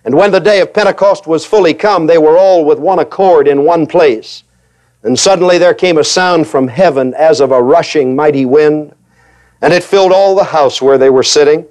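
Speaking at a moderate pace, a man with a strikingly high voice preaches animatedly and emphatically. He slips into short impersonations of hesitant, reluctant believers and hammers each point with repetition.

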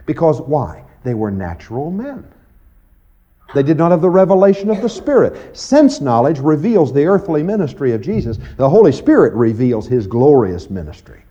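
A man preaching in a folksy, conversational manner with a lively, swooping pitch. His tone is warm and somewhat higher than most men's, and he keeps checking in with "you see" and "okay." The recording sounds muffled and lo-fi. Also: moderate pace. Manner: animated, acts out quoted voices with big pitch jumps. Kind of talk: evening Bible teaching.

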